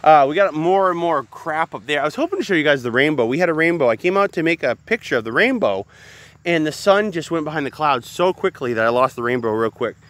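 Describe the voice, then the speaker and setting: A man's voice: fairly high pitch, lively intonation, fast, fairly bright tone. A man giving a casual, chatty walk-through of his garden outdoors, often calling the viewers guys. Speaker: gardening vlogger.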